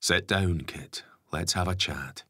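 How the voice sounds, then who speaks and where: A gruff, stubborn father speaks calmly and plainly, voiced by a male narrator. His voice sits very deep with a husky edge. The reading is close and dry. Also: takes it slowly, dry recording, heavily acted. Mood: resigned. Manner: calm, plain-spoken.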